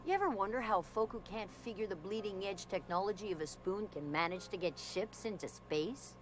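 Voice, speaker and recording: An actress playing a folksy, blunt frontier bartender with a drawling manner, from a video game. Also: female voice, mid-range voice, animated, a little fast, a little hiss or hum, lightly acted, low-quality recording.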